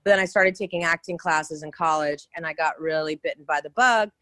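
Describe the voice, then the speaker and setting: A New York actress, appearing as a guest on a casual interview, tells chatty, animated stories full of restarts. Her voice sits low and moves a little fast, with no echo.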